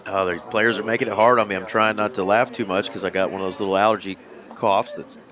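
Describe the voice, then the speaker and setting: A man's voice: lowish voice, fairly even intonation, fast. A man co-commentating a live poker game in an easygoing way, reading out viewer messages. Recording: loud card-room crowd behind. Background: crowd chatter of a card room.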